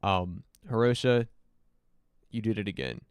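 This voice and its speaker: Smooth-voiced man, rambling stream host. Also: lowish voice, lively intonation, measured pace, dry recording. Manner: loose, rambling and profane, many fillers. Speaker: host reviewing music submissions. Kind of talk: casual livestream commentary.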